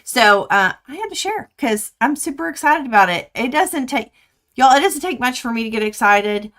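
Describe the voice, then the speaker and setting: An older woman hosts a casual livestream, talking to viewers through her webcam. Her voice is bright and forward, and she chats in an excitable, easily amused way. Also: fairly high pitch, moderate pace. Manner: chatty, excitable, laughs easily. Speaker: quilting livestream host. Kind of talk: casual chat to live viewers.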